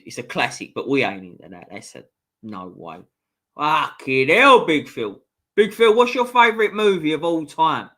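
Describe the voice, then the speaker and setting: A man's voice: a little high, a bit bright. Sweary man reading live chat. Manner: blunt, sweary banter with chat viewers. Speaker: live stream host. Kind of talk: casual live-stream chat reading viewer comments.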